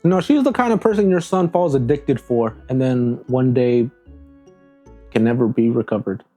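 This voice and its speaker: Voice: medium pitch, moderate pace, mellow, faint music behind. A vlogger giving playful, rambling taste-test commentary, talking dramatically to the things being tasted and often stumbling and restarting. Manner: chatty, dramatic, talks to the crayons. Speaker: vlogger tasting crayons. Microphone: new desk microphones.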